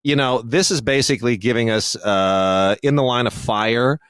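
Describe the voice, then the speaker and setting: A man's voice: mid-range voice, normal speed, fairly bright tone, clear, resonant tone, no echo, studio quality. A man co-hosting a podcast about film releases, talking in a thoughtful, digressive way with many restarts and fillers. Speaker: podcast co-host reviewing home video releases. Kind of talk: casual podcast discussion.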